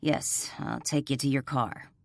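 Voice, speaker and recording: A stern male police sergeant, low and steady, calm and patronizing, as a woman puts him on. Dry, close audiobook sound. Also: unhurried, gravelly, no room sound, exaggerated voice.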